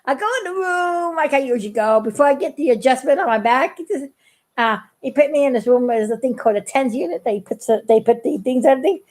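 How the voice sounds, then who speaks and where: High-voiced giggly woman telling a story. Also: expressive, fast talker, darkish tone. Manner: chatty, giggly, restarts often. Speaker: vlogger. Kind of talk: rambling personal story to viewers.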